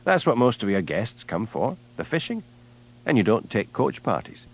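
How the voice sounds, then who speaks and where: A man playing a lazy, easygoing village policeman with a Scottish Highland accent, mild and unhurried. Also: big pitch swings, husky, lo-fi sound. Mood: easy.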